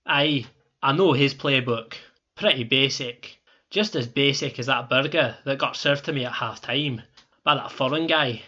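A man's voice: medium pitch, measured pace, pushed and bright, dull audio. A man playing a vengeful Scottish football manager. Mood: blunt. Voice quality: crude, blunt, grudging. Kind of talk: comedy sketch acting.

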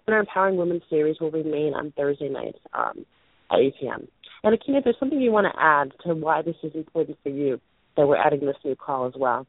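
A hoarse woman in her late twenties, losing her voice as she co-hosts a call-in show. She talks in an earnest, rambling way, clearing her throat and restarting sentences. The sound is a thin, tinny phone line with no room around it. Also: deep voice, animated, fast, no room sound. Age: 20s. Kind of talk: casual show announcement.

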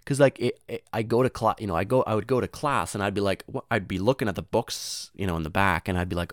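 A fast-talking young man barely pauses as he tells a long comic story, recorded in studio quality with no room sound. His rambling delivery is full of swearing, "dude," and "you know," plus restarts and sudden high voices for the people he quotes.

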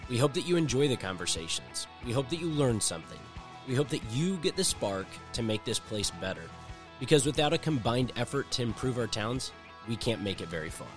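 A man's voice: medium pitch, big pitch swings, brisk. A man reading a scripted podcast intro in an earnest, upbeat way. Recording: faint music behind voice. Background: guitar music.

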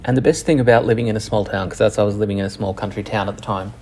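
A young man telling a personal story frankly and profanely, halting often with restarts. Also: lowish voice, steady tone, a little mellow. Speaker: channel host.

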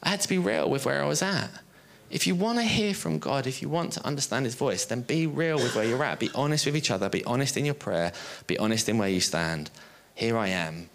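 A man preaching a sermon on a stage before an audience, lively and joking at his own expense. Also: mid-range voice, fairly quick, creaky, few pauses, noisy background. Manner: lively, joking, self-deprecating storyteller.

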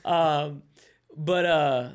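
A young man co-hosting a podcast, telling stories in a loud, animated way, swearing and using lots of fillers. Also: fairly high pitch, very slow, clean tone. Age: young adult. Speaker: podcast co-host. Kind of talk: casual chat.

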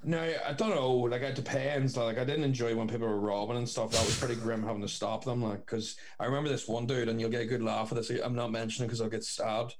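A man's voice: medium pitch, fairly even intonation, quick pace, hardly any pauses. Rambling young man. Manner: rambling storyteller, swears freely. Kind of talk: casual chat.

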